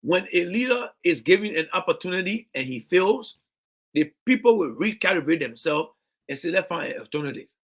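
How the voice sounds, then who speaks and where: A man with a Liberian English accent talks into the camera in a husky, slightly high voice. He speaks with passion, rising for emphasis and stumbling over repeated words as he comments on the clips he plays. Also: expressive, fairly quick, fairly bright tone. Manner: impassioned, repetitive restarts. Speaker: political commentator. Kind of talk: video commentary.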